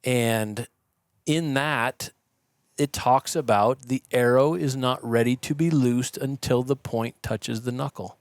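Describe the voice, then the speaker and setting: A man guesting on a podcast, explaining in a casual, animated way and acting out the yelling of the people he quotes. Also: mid-range voice, slow, dry recording, clean studio sound. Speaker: podcast guest, shooting instructor. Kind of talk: conversational explaining. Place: podcast studio.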